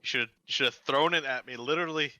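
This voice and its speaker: A man doing a gruff, exasperated brewmaster. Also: medium pitch, fast talker, bright, forceful tone, dry recording. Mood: irritated. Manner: exasperated, blustering.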